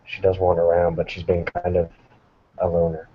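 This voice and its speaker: A man's voice: sits low, completely flat delivery, fairly quick, muffled recording, a little hiss or hum. A man chatting easily as a player in a tabletop role-play, with a drawl.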